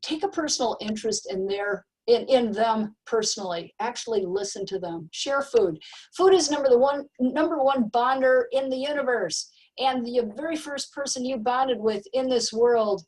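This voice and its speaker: A woman leads a parenting talk with a fairly high voice and an emphatic way of speaking. She presses her points by repeating key words. Her voice sounds a bit distant from the microphone. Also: darkish tone. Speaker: parenting educator. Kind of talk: recorded presentation.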